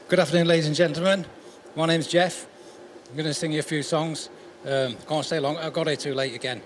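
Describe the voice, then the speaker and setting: A man's voice: on the high side, fairly even intonation, fairly quick, noisy background. A man busking on a town street, chatting to his camera and to passers-by in a friendly, rambling way. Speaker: busker and singer-songwriter. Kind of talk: casual vlog chat and street busking patter.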